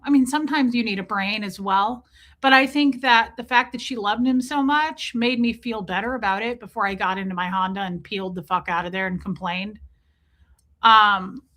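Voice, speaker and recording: A woman's voice: a little high, normal speed, pushed and bright. A woman chatting casually on a live stream, talking with viewers about her pets, swearing freely and sometimes putting on silly voices for her cats.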